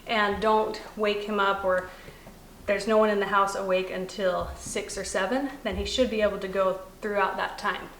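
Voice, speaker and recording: A woman dog trainer explaining puppy commands in a calm teaching manner, softly praising the puppy between steps. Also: medium pitch, normal speed. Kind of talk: instructional demonstration. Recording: echoey room, faint noise.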